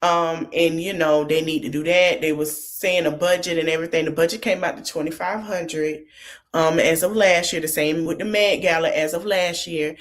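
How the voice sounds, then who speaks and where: A woman's voice: deep voice, fairly even intonation, normal speed. A woman podcast host casually recapping a TV episode, retelling the scenes line by line in a loose, chatty way. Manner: retells scenes quoting each line of dialogue; loose, conversational with many fillers.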